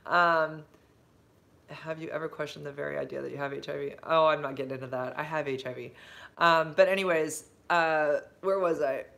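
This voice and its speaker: On a casual phone livestream, a woman who vlogs and works as a substitute teacher drifts between stories and viewer comments. Her low, gravelly voice moves at a moderate pace, rambling, losing its thread, and full of ums, likes and side-tracks. Whenever something delights her, she gushes in big, bright upward leaps.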